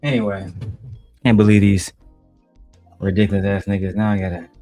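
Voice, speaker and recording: A man's voice: fairly low pitch, level tone, normal speed, warm tone, faint music behind. A male host giving crude, mocking commentary in blunt slang while reacting to clips.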